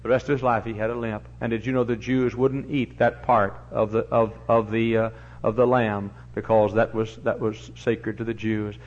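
A man preaching a sermon as pastor, in a folksy, animated storytelling manner, in a church. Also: lowish voice, normal speed. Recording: dull lo-fi recording.

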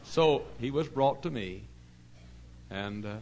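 A middle-aged man pastor preaching a sermon in an earnest storytelling way, dropping to hushed asides and rising to loud emphasis. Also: mid-range voice, lively intonation, slow, pauses often, a little hiss or hum, rough recording. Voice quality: gravelly.

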